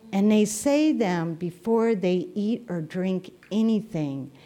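Slow-paced woman preaching a sermon. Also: mid-range voice. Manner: storytelling, gently humorous. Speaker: minister.

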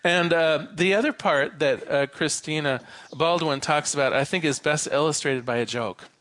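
A man minister giving a sermon, an animated storyteller who shifts between quick and slow delivery. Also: fairly high pitch, a little hiss or hum. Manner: animated storyteller, varies his pace.

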